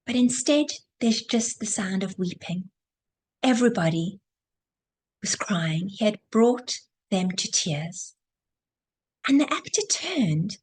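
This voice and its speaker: Woman teaching an online class over video call, kinda high voice, earnest, repeats phrases for effect. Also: a little mellow, a little hiss or hum. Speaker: Torah teacher.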